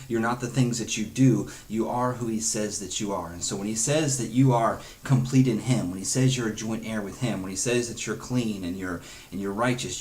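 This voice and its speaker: A man's voice: lowish voice, darkish tone. A man leading a devotional Bible study, earnest and conversational, dropping in chuckles and quoted asides.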